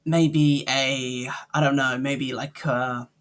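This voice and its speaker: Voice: medium pitch, fairly even intonation, slow pace, fairly bright tone. A co-host in a casual cartoon review chat, hesitant and often searching for words. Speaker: podcast co-host.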